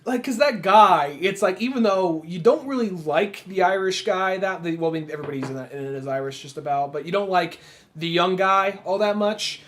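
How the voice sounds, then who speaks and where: A man's voice: sits high, a little fast, a bit bright. A man co-hosting a podcast, chatting casually about films, rambling with lots of fillers and acting out quoted lines. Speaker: podcast co-host. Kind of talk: casual film discussion.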